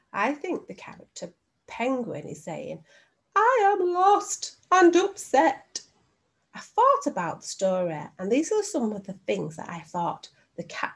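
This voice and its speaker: A woman teacher records a lesson at home for young children. She speaks slowly and deliberately, breaking words into syllables, at a middle pitch. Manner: slow, clear, sounding out words for young children. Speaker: primary school teacher.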